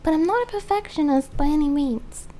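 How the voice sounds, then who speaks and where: A woman's voice: high-pitched, expressive, fairly quick, warm tone. A young woman streaming while she draws, chatting casually and rambling with frequent giggles. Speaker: streamer and artist. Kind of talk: casual live-stream chat. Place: home, background noise heard. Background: faint lawnmower noise.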